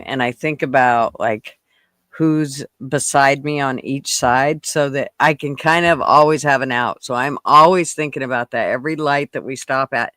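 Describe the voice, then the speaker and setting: A man's voice: medium pitch, bright, forceful tone, no room sound, clean studio sound. A man co-hosting a casual podcast, talking thoughtfully and often chiming in with short agreement. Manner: thoughtful, agreeable, frequent back-channel replies. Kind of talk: casual chat.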